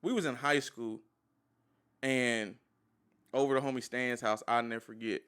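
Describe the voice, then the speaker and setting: Animated young man telling stories. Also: medium pitch, normal speed, clean tone. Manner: animated storyteller, repeats himself, laughs mid-sentence. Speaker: podcast co-host. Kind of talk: casual chat.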